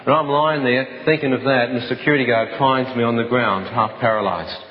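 Male testimony speaker, intense and vivid storytelling, mid pitch. Dull sound, hall reverb. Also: steady tone, brisk. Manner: intense, vivid, with some restarts. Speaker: speaker giving a personal testimony. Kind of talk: dramatic personal storytelling.

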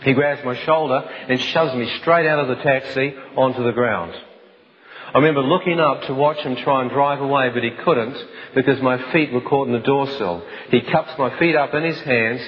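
Male testimony speaker, intense and vivid storytelling, mid pitch. Dull sound, hall reverb. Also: normal speed. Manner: intense, vivid, with some restarts. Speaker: speaker giving a personal testimony. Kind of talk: dramatic personal storytelling.

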